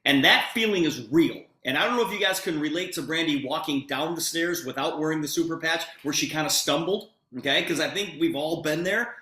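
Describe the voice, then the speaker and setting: A man giving an eager, persuasive sales pitch on a video call, talking straight to his audience. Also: fairly quick, hardly any pauses, sharp tone, roomy sound. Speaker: presenter.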